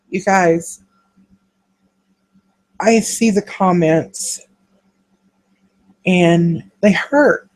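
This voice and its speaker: A man talking in an earnest, halting, emotional way in a confessional vlog monologue, speaking to a webcam. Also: fairly high pitch, gravelly, darkish tone, poor audio. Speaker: vlogger.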